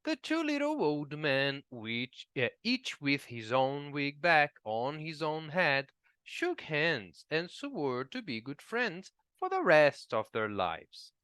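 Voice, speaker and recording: A man whose first language is Portuguese narrates a classic children's tale slowly and expressively, his pitch rising and falling freely. His tone is bright, and the close recording is dry. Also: clear, resonant tone, no echo. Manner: slow, expressive reading. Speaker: English teacher reading an audiobook. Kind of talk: storybook narration.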